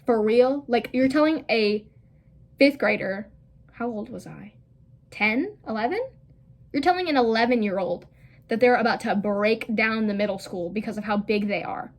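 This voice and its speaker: A woman's voice: medium pitch, moderate pace. Young woman, casual storytime, rambling, filler-heavy, blunt, profane. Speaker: vlogger.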